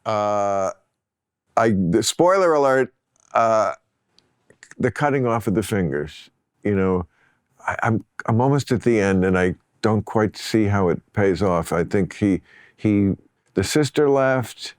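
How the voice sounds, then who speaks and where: Middle-aged male podcast host, animated storyteller, laughs a lot, slightly low voice, dead dry close mic; conversational. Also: a little slow, clear, resonant tone, no room sound. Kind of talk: casual chat.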